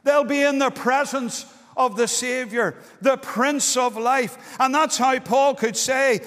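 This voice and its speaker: A man's voice: very high voice, takes it slowly, a bit bright. A man preaching an earnest, pleading evangelistic sermon in a meeting hall, dwelling on key words. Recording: long hall reverb.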